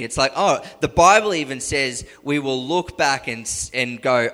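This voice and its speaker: A man preaching a sermon in an animated, conversational way, often restarting sentences. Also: mid-range voice, normal speed, hardly any pauses, in a large hall.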